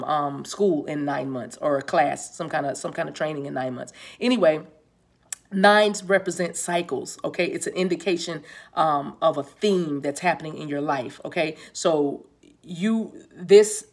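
A woman giving a casual tarot reading to her viewers, chatty and repeating herself, with laughs often. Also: sits low. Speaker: tarot reader.

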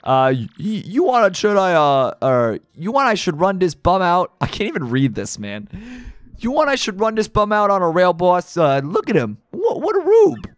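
A man putting on dim pushy mob goons, rough slang, high voice, lively. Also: normal speed, dry recording, studio quality. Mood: mocking. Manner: rough street slang, mocking. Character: blustering male mobster henchmen, dim and pushy.

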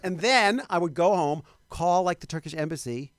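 A man's voice: a little high, normal speed, no echo, clean studio sound. A man from New York, a guest actor animatedly telling show business stories and acting out other voices. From New York, Long Island. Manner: animated storyteller who acts out voices. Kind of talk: casual chat.

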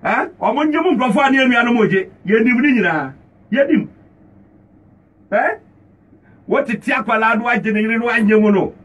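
A man's voice: very high-pitched, lively intonation, brisk, pauses often, a bit bright. A man talking animatedly, laughing, recorded from a distance.

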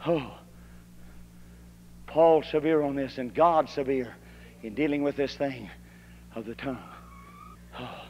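A preacher from Kentucky, delivering a fiery old-time holiness sermon that rises to shouted emphasis. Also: male voice, medium pitch, steady tone, slow pace, pauses often, slight background noise. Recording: dull archival tape in a hall.

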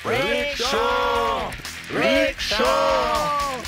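Brief: man voicing a rickshaw-pulling skeleton, high, slow hollering, music under. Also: fairly even intonation, exaggerated voice. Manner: chanting, shouting. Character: shouting male rickshaw-puller skeleton.

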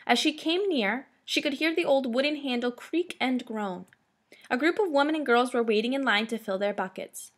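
A woman's voice: medium pitch, fairly bright tone. Woman reading a chapter book aloud. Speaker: narrator. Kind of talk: storybook read-aloud.

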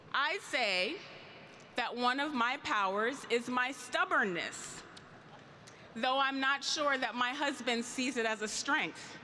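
A woman's voice: sits high, sharp tone, long reverb tail, a little hiss or hum. A middle-aged woman and union leader giving a rousing convention speech, drawing the crowd in with call-and-response questions. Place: large convention hall.

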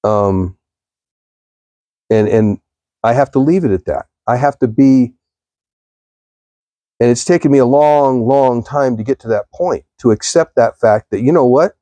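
A man's voice: mid-range voice, measured pace, pauses often, warm tone, dry recording. A man hosting a devotional live stream, telling stories in a rambling way and speaking straight to his viewers. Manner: rambling storytelling, addresses viewers.

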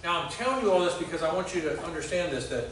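A male pastor giving a conversational sermon, telling stories with halting restarts. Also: a little high, lively intonation, a bit bright, slight background noise. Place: church sanctuary. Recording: very echoey church hall from far off.

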